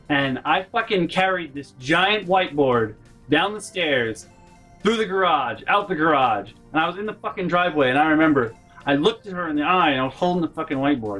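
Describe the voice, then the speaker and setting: A man telling a personal story casually on his vlog, swearing often and rambling with restarts. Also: on the high side. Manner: profane, animated, rambling with restarts. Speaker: vlogger.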